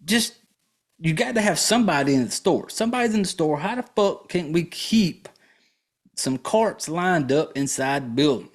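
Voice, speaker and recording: A man hosting a podcast, telling a profane, exasperated story in a casual ranting monologue. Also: a little high. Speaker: podcast host.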